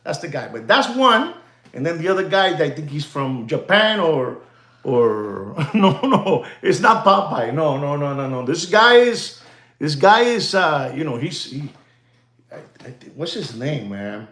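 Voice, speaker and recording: A man's voice: a little high, sing-song, unhurried, fairly bright tone, roomy sound. A man, rambling in casual livestream chat with viewers, repeating himself and laughing often. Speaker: watch dealer hosting a livestream.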